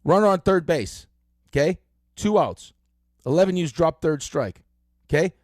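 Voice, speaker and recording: A middle-aged man hosting a sports radio show, telling stories in an animated way with lots of fillers, on a close studio mic. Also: a little high, unhurried, no echo. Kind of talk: casual sports talk.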